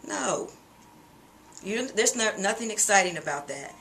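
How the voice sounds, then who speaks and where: A middle-aged woman talks through a singing lesson in a bright, clear voice, explaining at an easy, chatty pace with the odd "uh" and "um". A faint room ambience sits quietly behind her. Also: lowish voice, normal speed, slight background noise. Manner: relaxed, conversational explaining with frequent fillers. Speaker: singing teacher. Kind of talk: vocal lesson with sung demonstrations.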